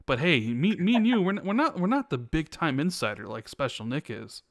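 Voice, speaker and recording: A man co-hosting a casual gaming podcast, relaxed, reading out viewer chat messages. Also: a little high, fairly quick, dry recording, clean studio sound. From United States. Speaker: podcast co-host.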